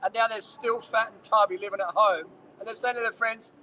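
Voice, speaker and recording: A high-voiced man fires off blunt, swearing answers to viewer questions. He rants with plenty of profanity, and faint background noise sits behind him. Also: steady tone, fairly quick, pushed and bright, rough recording. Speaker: cycling vlogger.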